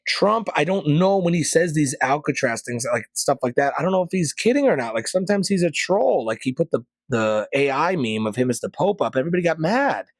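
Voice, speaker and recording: A man hosting a podcast, ranting sarcastically in a casual monologue and jumping to loud, high peaks. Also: sing-song, brisk, hardly any pauses, no echo. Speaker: podcast host.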